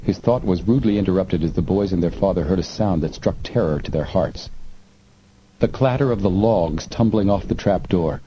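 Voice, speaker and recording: A man reading an adventure novel aloud in measured, suspenseful narration. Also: sits low, mellow. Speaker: audiobook narrator. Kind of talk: scripted narration. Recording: muffled lo-fi with faint hiss.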